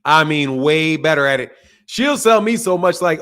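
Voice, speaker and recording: A man's voice: a little high, animated, moderate pace, fairly bright tone. A man hosting a boxing channel who chats loosely and jokes with his viewers, using plenty of slang and laughing often. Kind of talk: casual livestream chat.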